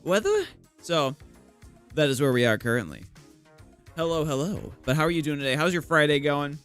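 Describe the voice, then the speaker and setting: A young man with a fairly high, smooth, slightly bright voice talks briskly while streaming his art live, faint music playing behind. Speaking into a desk microphone, he greets viewers, chats casually, and makes self-deprecating jokes.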